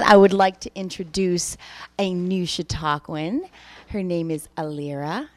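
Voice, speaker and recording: A woman's voice: lowish voice, unhurried. A woman emceeing a live community gathering, talking loosely with fillers as she introduces a newcomer. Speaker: community tour organizer and emcee.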